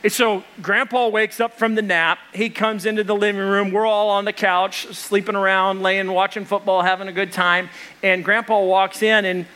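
A man with a high, bright voice preaching a sermon. He tells a personal story from the pulpit and acts out the lines of the people in it. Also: moderate pace, smooth. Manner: storytelling with animated retelling of dialogue. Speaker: pastor.

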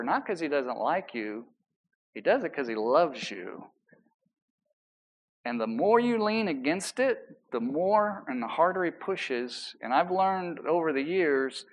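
A man preaching a sermon as pastor, emphatic and building, with relaxed conversational asides to the congregation. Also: fairly high pitch.

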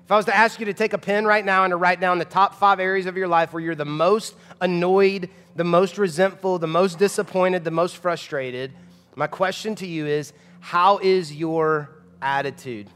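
A man's voice: high-pitched, fairly even intonation, normal speed, fairly bright tone, clean tone. A man, preaching a sermon as pastor in a conversational, emphatic way full of rhetorical questions. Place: church sanctuary. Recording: long hall reverb of a church.

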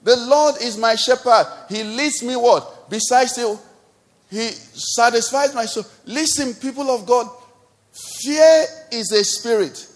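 A man's voice: very high-pitched, takes it slowly. A man with a Nigerian accent preaching a sermon as pastor, building up with repeated refrains. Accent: Nigerian English. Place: church service.

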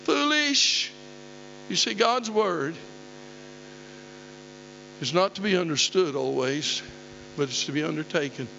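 A man's voice: on the high side, measured pace, vocal fry, pauses often, a bit bright. An older man preaching a sermon, telling folksy stories and rising to emphatic calls. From southeastern Oklahoma. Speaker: pastor. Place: church hall. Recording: dull recording in a long-reverb hall, faint hum.

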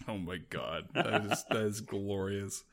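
A man's voice: lowish voice, unhurried, gravelly, fairly bright tone. A man hosting a podcast, chatting with his guest in a friendly and easily amused way. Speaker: podcast host. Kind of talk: casual podcast chat.

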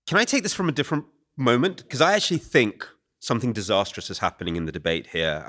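A British man talking quickly and animatedly as an author being interviewed before a live audience. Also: fairly low pitch. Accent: British English. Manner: fast, animated explaining. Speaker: author and guest. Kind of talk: conversational podcast interview.

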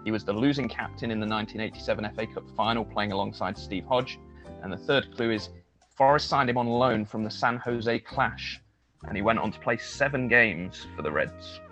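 A wry man co-hosts a chatty podcast and runs the quiz. His voice is bright and a little forceful, with faint music underneath. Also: fairly low pitch, fairly quick. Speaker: co-host, quizmaster. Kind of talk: casual chat.

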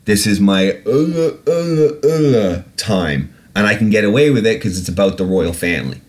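This male podcast host has a lowish, expressive, slightly mellow voice and a moderate pace. His casual rant is sarcastic and full of swearing, and he keeps getting angry before saying sorry.

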